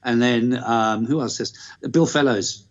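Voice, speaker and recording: A man's voice: medium pitch, unhurried. A man from the north-east of England, an actor guest in an interview, talking frankly and rambling, with casual swearing. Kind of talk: candid interview chat. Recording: muffled lo-fi live-stream audio.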